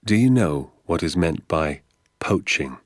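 A gentle, soft-spoken father, voiced by a man reading a storybook, talks in a hushed, measured way. His voice sits very low and moves slowly, heard close and dry. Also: expressive, no echo.

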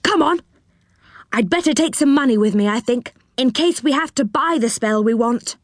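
A woman's voice: on the high side, lively intonation, normal speed, no echo, clean studio sound, pitched above the performer's own voice, lightly acted. A woman voicing a kindly, round-faced male magical creature who lives in a treehouse, eager and friendly.

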